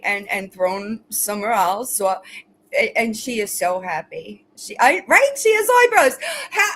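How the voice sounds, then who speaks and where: A woman's voice: fairly high pitch, poor audio. Blunt, chatty woman livestreaming. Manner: blunt, mocking, profane toward commenters; gushing baby talk to pets. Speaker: livestream host. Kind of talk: casual livestream chat.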